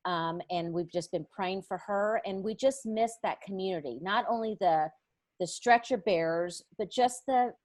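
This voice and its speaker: A middle-aged woman recounts a story as a podcast guest, with a voice of middling pitch. She is animated and vivid, bringing other people's voices to life as she tells it. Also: moderate pace, no echo. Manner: animated, acts out others' voices in her stories. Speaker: Bible study teacher, podcast guest. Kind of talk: storytelling in a conversation.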